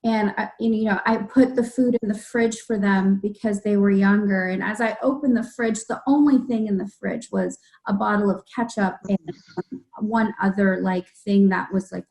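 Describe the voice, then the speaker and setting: A woman's voice: medium pitch, fairly even intonation, moderate pace, a little mellow, poor audio. A woman hosting an interview, sharing heartfelt stories from her volunteer deliveries. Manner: heartfelt storytelling. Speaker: interview host. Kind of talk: casual interview talk.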